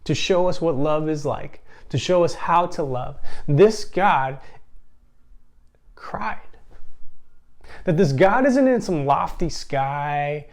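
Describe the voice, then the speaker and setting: A man's voice: fairly high pitch, expressive, takes it slowly, long pauses. A man giving an earnest, reflective sermon-style talk at a seminar, often restarting his phrases. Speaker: seminar speaker.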